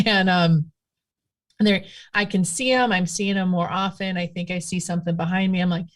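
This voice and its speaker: With a voice on the low side and a normal speaking speed, a woman guest who practices witchcraft tells stories in a casual chat. She rambles in a talkative, animated way, full of fillers.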